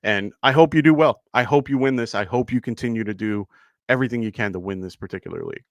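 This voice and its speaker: A man hosting a live fantasy football stream, chatty and quick to laugh as he thanks viewers. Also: mid-range voice, dry recording, dull audio. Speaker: fantasy football show host. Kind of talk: live-stream casual chat.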